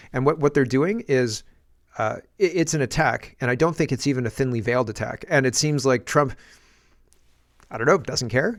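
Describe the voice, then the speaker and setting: A man from Canada talks through political news with open sarcasm and exasperation. He stumbles and restarts his sentences as he goes. His pitch sits in an ordinary middle range. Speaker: political commentator. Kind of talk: opinionated political commentary.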